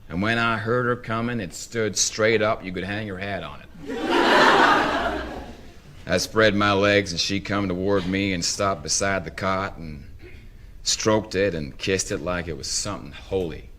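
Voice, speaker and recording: A man with a Southern US accent giving a live dramatic reading of a first-person story in a slow, wry drawl. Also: low voice, steady tone, noisy background. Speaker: reader.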